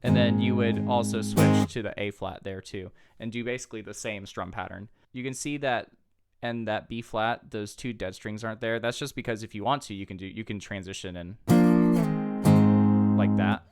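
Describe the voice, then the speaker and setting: Over loud guitar playing, a man with a lowish voice teaches at a moderate pace, counting out beats and patiently stepping through chords in an easygoing tutorial.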